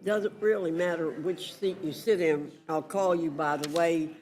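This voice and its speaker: A man's voice: fairly high pitch, fairly even intonation, darkish tone. A man chairing a committee hearing, running proceedings in a procedural way. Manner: slow, procedural.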